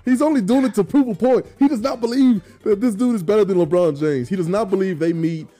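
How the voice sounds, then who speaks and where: Mellow man hosting a playful debate. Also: high voice, fast, soft background music. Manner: teasing, playful, reads viewer comments. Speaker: podcast host reading chat. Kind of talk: casual sports debate.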